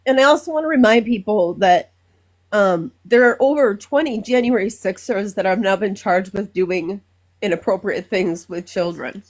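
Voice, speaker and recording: A woman from Minnesota calling in to a live stream, speaking earnestly and emotionally with halting fillers. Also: mid-range voice. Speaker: caller. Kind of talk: casual call-in talk.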